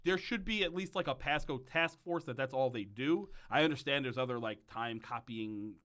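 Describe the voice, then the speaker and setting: A man's voice: medium pitch, moderate pace, a bit bright. A man hosting a comedic podcast, ranting animatedly and laughing often as he recaps a show. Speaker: podcast host.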